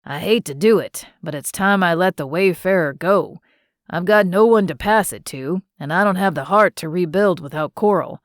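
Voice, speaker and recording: A woman voicing a gentle old widower near eighty. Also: lowish voice, no echo, clean studio sound, lightly acted. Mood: wistful. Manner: slow, wistful, fond teasing.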